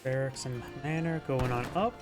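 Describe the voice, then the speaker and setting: A man calls a strategy game match in a casual, chatty play-by-play style, voice sitting in an ordinary middle register. Game music plays clearly under his commentary. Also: mid-range voice, moderate pace. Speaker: game caster.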